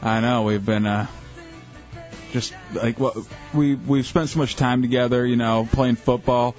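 Brief: a man acting as a jittery jock bro, low halting drawl, dull studio sound, faint music. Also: steady tone, darkish tone, natural voice. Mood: nervous. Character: young male ex-football-player bro, nervous. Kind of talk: improvised comedy sketch.

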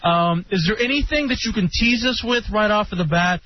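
Lively joking male radio host. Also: high voice, a little fast. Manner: joking, teasing, brash. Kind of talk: casual radio chat. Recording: dull broadcast audio with faint noise.

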